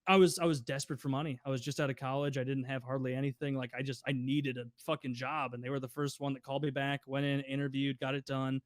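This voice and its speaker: Animated young man telling stories. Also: mid-range voice, quick pace, few pauses, no echo, studio quality. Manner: animated, swearing, acts out quoted customers. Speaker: podcast co-host. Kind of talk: casual storytelling.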